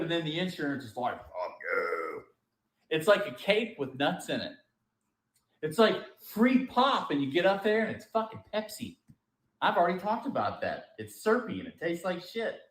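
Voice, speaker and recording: A man's voice: a little high, reverberant. A man performing a profane stand-up comedy rant. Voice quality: profane, ranting and animated.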